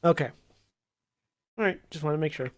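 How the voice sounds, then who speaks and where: A man's voice: fairly high pitch, moderate pace, no room sound, studio quality. A man playing in a tabletop game, asking rules questions and explaining things step by step with fillers. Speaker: player. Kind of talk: casual tabletop game chat.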